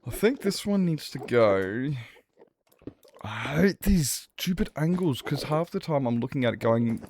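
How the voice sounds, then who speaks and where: A man's voice: medium pitch, lively intonation, unhurried, a little mellow, a little hiss or hum. A man chatting casually while streaming a game, rambling and repeating himself, swearing freely. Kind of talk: casual gameplay stream chat.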